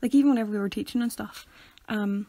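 A woman, co-hosting a casual podcast, soft-spoken and quick to laugh at herself. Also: medium pitch, no echo. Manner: soft-spoken, self-deprecating, laughs often. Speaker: podcast co-host. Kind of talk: casual chat.

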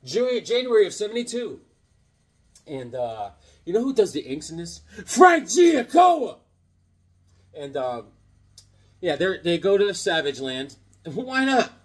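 High husky man joking about comics. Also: sing-song, moderate pace. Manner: joking, rambling, acts out little dialogues in silly voices. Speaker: comic book collector and channel host. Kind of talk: casual comic collection show-and-tell.

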